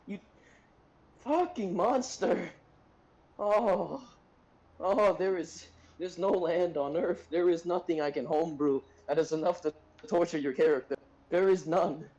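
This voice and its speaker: A man's voice: sits high, slow, pauses often, darkish tone, low-quality recording. A man playing a tabletop game, ranting with raw emotion and heavy swearing in casual chat.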